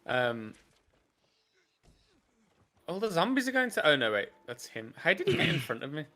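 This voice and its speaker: A man's voice: on the high side, very animated, moderate pace, bright, forceful tone. A man with a Birmingham accent, a game streamer bantering casually and reacting to the game as he plays. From England. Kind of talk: casual chat while playing a game.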